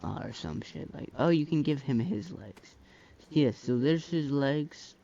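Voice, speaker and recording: Gravelly, rambling male game-mod reviewer. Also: on the high side, expressive, a little slow, dark tone. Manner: rambling, filler-heavy, slangy. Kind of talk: casual gameplay commentary. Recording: dull lo-fi mic.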